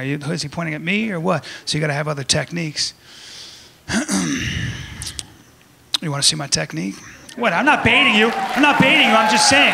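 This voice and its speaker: A man doing a stand-up comedy set in a club, loud and animated, acting out his bits. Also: fairly high pitch. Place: comedy club before a live audience. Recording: live club recording with crowd laughter and noise. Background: audience laughing.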